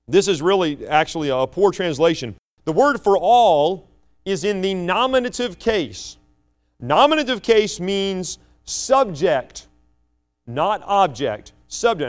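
Emphatic higher-voiced male preacher. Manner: teaching, emphatic, rising and falling between loud stresses and quiet asides. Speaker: pastor. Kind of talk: sermon.

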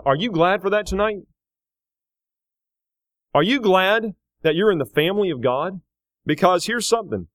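A man preaching a sermon, emphatic, building to loud repeated questions. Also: fairly high pitch, no echo.

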